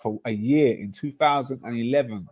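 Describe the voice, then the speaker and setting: A man, bragging and rambling in a loose, slangy way during a casual football chat. His voice sits at an ordinary middle pitch for a man, and he talks like he's among mates around the table. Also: moderate pace, a little mellow. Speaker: football podcast panelist. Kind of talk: casual banter about football.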